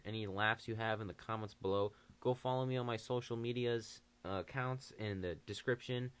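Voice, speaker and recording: A young man telling a story on his channel, animated and full of swearing. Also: on the low side, clear, resonant tone. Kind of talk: casual storytime.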